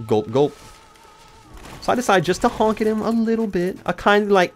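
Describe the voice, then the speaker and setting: A man's voice: high voice, normal speed, long pauses, soft background music. A young man narrating a rambling personal story while talking back to the video game he is playing. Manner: rambling, animated, talks to the game mid-story. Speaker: gaming YouTuber. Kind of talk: let's play commentary with storytelling.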